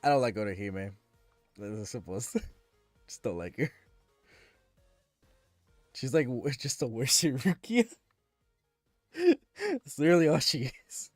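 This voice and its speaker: A man's voice: medium pitch, sing-song, takes it slowly, pauses often, no room sound, clean studio sound, faint music behind. A man streaming and chatting casually with viewers, ranting in an exasperated way and often restarting his sentences.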